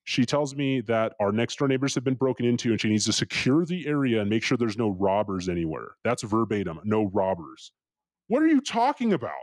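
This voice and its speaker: A man's voice: mid-range voice, brisk, few pauses, dry recording. A young man from California telling a story as a podcast guest, swearing freely and acting out the voices of the people he quotes. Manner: profane, animated, acts out quoted voices. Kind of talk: casual storytelling.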